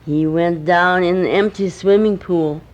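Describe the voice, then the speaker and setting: A woman's voice: lowish voice, fairly even intonation, unhurried, darkish tone, highs cut off. An older woman, a grandmother, telling a homemade bedtime story at home with chatty asides to the listening child.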